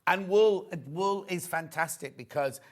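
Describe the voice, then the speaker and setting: Man, Yorkshire accent, fairly high voice, chatty shopping-channel presenter, enthusiastic. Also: unhurried. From Yorkshire, England. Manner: chatty, enthusiastic, reads viewer messages aloud. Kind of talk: casual on-air sales chat.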